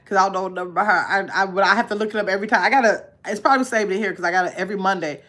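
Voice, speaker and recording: A woman hosting a casual livestream, chatting to her viewers and dropping to a low mumble while she searches her phone. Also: rapid-fire, fairly bright tone. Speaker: livestream host.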